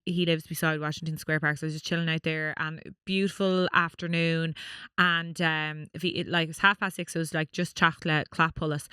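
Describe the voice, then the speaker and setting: Irish woman, podcast co-host, casual storytelling, bright crisp voice, dry close sound. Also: lowish voice, dry recording. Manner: animated, swearing, lots of fillers.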